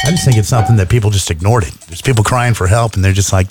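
A man's voice: lowish voice, very fast, hardly any pauses, music in the background. A man hosting a radio show in casual banter, rambling and stumbling over his words with many fillers. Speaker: radio host.

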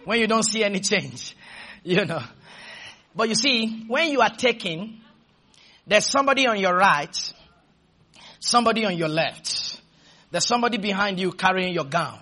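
A man preaching a sermon, shouting dramatic lines and leading the congregation in call-and-response. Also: high-pitched, lively intonation, moderate pace, pauses often.

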